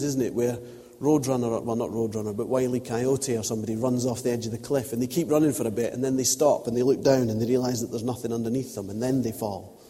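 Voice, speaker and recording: Male preacher, mellow, chatty sermon storyteller, long church echo. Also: mid-range voice. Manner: chatty storytelling with acted-out quotes.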